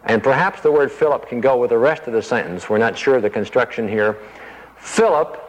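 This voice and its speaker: A man teaching from the Bible in an easygoing, conversational way, pausing to think aloud and voicing the scripture he quotes. His voice sits at an ordinary middle pitch. A long reverb trails behind every phrase. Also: muffled recording.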